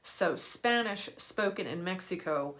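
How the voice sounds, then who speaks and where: A woman's voice: lowish voice, lively intonation, measured pace, a bit bright. A woman who is an energy healer, giving a live teaching talk in an earnest, explanatory and emphatic manner. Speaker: energy healer for people and animals.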